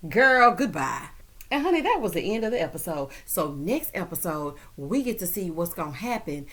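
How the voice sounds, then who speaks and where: A woman's voice: lowish voice, big pitch swings, a little fast, darkish tone. A woman recapping a TV episode in a sassy, chatty way, laughing often and talking straight to her viewers. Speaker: TV recap host.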